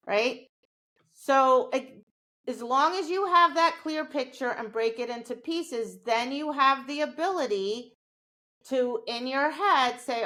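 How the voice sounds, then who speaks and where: A woman's voice: high voice, slow pace, sharp tone. A woman co-hosting a podcast, explaining dog training in a casual, conversational way and often checking in with "right?".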